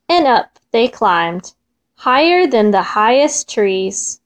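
A woman reads a children's folk tale aloud, gentle and expressive. Her voice is high, and her pace is slow. She draws out repeated words. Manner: gentle, expressive, drawn-out repetitions. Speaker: storyteller.

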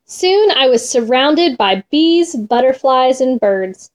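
A woman reading a children's storybook aloud in an expressive, gentle way. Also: high voice, slow pace.

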